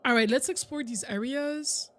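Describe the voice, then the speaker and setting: A woman's voice: high voice, moderate pace, fairly bright tone. A young woman streaming a video game, chatting casually and rambling with frequent laughs. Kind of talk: casual gameplay commentary.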